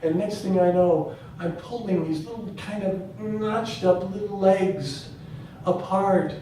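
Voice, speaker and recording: A middle-aged man tells a long stand-up story at an open mic, jumping high and low as he acts out the people in it. His voice sits a little high for a man. The sound is very echoey and picked up from a distance, with faint room noise behind. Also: takes it slowly. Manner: animated, acts out voices with big pitch jumps. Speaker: stand-up comedian.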